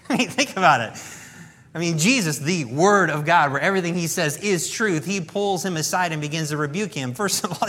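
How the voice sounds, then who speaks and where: Man preaching, animated, acts out dialogue, bright ringing voice, slightly high. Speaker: pastor. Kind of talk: sermon.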